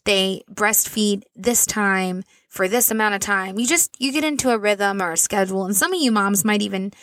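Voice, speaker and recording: Earnest mother with a gravelly edge. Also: medium pitch, moderate pace, a bit bright, no room sound. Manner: earnest, rambling with fillers and asides. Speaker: mother telling a personal story. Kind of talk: casual storytelling to camera.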